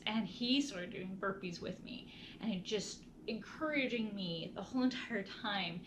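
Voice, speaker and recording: A woman's voice: medium pitch, measured pace, noisy background. Earnest woman vlogger, mid-range voice, unscripted and rambling. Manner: earnest, heartfelt, rambling with frequent restarts. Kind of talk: casual personal storytelling.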